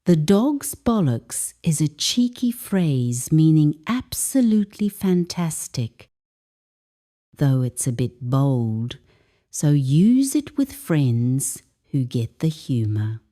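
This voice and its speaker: A woman reading a scripted lesson narration as an English teacher, explaining phrases deliberately. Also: deep voice, very animated, warm tone.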